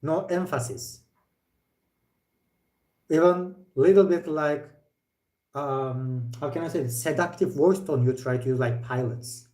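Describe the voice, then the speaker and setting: Corrective male teacher, mellow voice. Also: fairly high pitch. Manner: direct, corrective, with frequent pauses and playful asides. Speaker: IELTS speaking teacher. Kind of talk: live speaking lesson feedback. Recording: echoey room.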